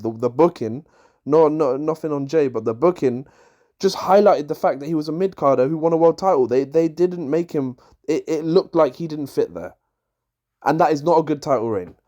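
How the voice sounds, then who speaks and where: A man's voice: on the high side, warm tone, highs cut off. Frustrated young man ranting about wrestling. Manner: frustrated, exasperated, sarcastic. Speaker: wrestling show reviewer. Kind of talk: ranting show review.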